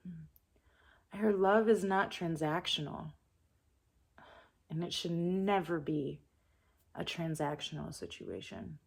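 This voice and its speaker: A young adult woman giving a channeled spiritual message in a calm, soft-spoken, meditative way. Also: on the low side, takes it slowly, gravelly, pauses often, breathy edge. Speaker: spiritual reader.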